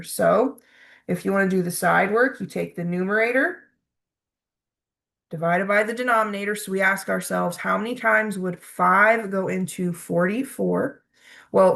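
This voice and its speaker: A woman's voice: mid-range voice, creaky, fairly bright tone. A woman math instructor patiently talking through problems step by step, checking in with "okay?" as she goes. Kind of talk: recorded math lecture.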